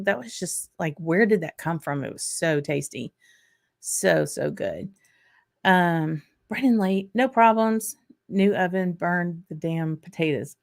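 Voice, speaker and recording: Slow, gravelly woman chatting. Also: lowish voice, darkish tone. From Louisiana. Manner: chatty, reading out chat names, many ums and restarts. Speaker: whisky livestream host. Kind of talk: casual livestream chat.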